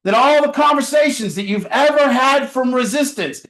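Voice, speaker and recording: High-voiced man leading a support group. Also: normal speed, fairly bright tone, roomy sound, poor audio. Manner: earnest, repetitive preaching cadence with rhetorical questions. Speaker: addiction family support group leader. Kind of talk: motivational group talk. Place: meeting room with a group.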